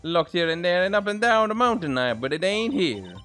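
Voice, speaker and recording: A man voicing a brash young female photographer in a courtroom game, speaking with a put-on drawl in a loud, folksy, blustering way. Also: high-pitched, big pitch swings, a little fast, faint music behind, pitched above the performer's own voice. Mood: frantic.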